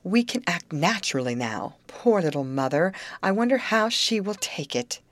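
A woman's voice: fairly low pitch, sing-song, moderate pace, no room sound, voice pushed up. A woman reading the part of an anxious young daughter, speaking plaintively.

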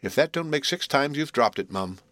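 A man's voice: mid-range voice, expressive, moderate pace, fairly bright tone, no echo, voice pushed up, close to an everyday voice. A man reading a storybook aloud, voicing a blunt, bustling working-class woman nursemaid who scolds and exclaims, in a raised voice. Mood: scolding. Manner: scolding, exclaiming, plain-spoken.

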